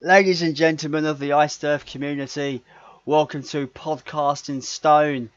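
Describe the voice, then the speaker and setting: A man's voice: a little high, fairly even intonation, normal speed, no echo, soft background music. Jokey male podcast co-host, dry sound. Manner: rambling, jokey, stumbles over words. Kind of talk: casual podcast chat. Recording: dry, slightly dull podcast audio.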